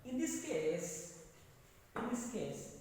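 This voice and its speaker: A man's voice: high-pitched, big pitch swings, takes it slowly, darkish tone. A man teaching a classroom lesson, repeating key phrases with emphatic rises and drops. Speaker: English teacher. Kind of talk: classroom lecture. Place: echoey classroom. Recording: echoey room, distant mic, faint hiss.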